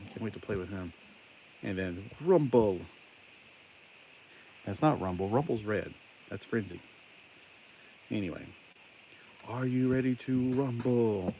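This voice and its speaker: Low-voiced rambling Southern man. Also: darkish tone, a little hiss or hum. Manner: rambling, chatty, jokey asides. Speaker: toy collector streamer. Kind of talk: casual live-stream chat while building toys.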